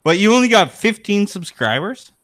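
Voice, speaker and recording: Joking man with a lively voice. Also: sits high, normal speed. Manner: joking, swears freely. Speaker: streamer. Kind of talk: casual group chat. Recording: noisy online call audio.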